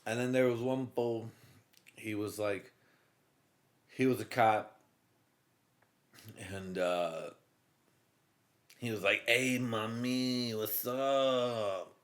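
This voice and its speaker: A man's voice: lowish voice, slow, pauses often. A man hosting a comedy podcast, telling a story casually in a profane, rambling way with lots of fillers. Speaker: podcast host.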